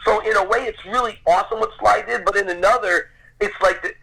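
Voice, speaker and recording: A man in his fifties talks as a podcast guest in a bright, ringing voice that sits a little high for a man. He tells his story in a gushing, excitable way and often circles back over his own words. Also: quick pace, vocal fry, slightly rough, low-quality recording. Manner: excitable, gushing, repeats himself. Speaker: podcast guest, Rocky film tour guide. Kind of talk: storytelling anecdote.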